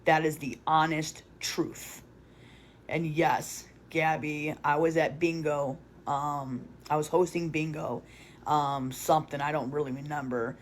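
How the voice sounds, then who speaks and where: A woman's voice: low voice, level tone, measured pace, a little hiss or hum. A woman telling a personal story in a confessional vlog, rambling with restarts and fillers, and blunt with casual swearing.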